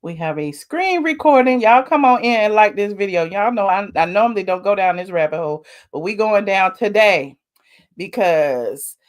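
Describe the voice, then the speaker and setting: A woman's voice: mid-range voice, lively intonation, normal speed. A woman hosting a commentary show, reacting bluntly and sassily to a viral video. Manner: blunt, sassy and outspoken.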